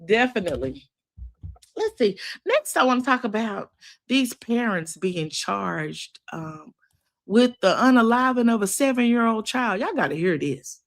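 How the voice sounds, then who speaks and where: A woman's voice: on the high side, big pitch swings, measured pace. A woman hosting a casual news commentary show, folksy and chatty, talking straight to her listeners. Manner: chatty, folksy, addresses listeners as y'all and child. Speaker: host.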